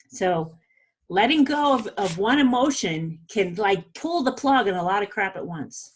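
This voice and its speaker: A middle-aged woman hosts a podcast, walking through a self-help method in a chatty, earnest casual monologue and checking in with "okay?". Her mid-range voice is animated with a breathy edge, at a moderate pace.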